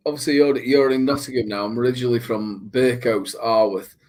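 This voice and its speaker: A middle-aged man with a Doncaster accent, chatting as a guest on a live stream. He is friendly and talkative, drifting into memories as he goes, his voice sitting at an ordinary middle pitch. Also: fairly even intonation, brisk, darkish tone. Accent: South Yorkshire, Doncaster. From Doncaster, England. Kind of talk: casual chat.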